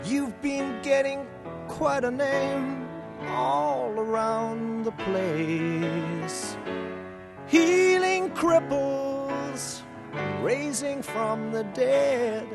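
A man's voice: very high voice, extremely slow, creaky, over loud music, heavily acted. An actor singing the part of King Herod, a smug, mocking male ruler, in a rock musical cast recording. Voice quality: taunting, sing-song. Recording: cast album with loud band.

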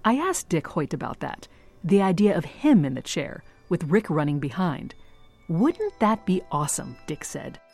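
A woman radio reporter narrating a scripted story in a measured, clear storytelling manner. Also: low voice, darkish tone.

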